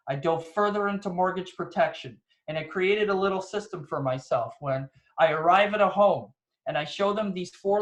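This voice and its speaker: A man with a notably high voice pours energy into a motivational story, punctuating it with rhetorical questions. He is on a video call, and the room around him rings with echo. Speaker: insurance agent guest speaker.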